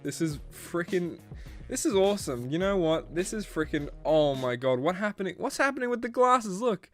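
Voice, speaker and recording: Aussie guy doing a goofy excited unboxing, bit of a higher voice, soft music underneath. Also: normal speed. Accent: Australian. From Australia. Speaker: toy collector reviewer. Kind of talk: casual unboxing chat.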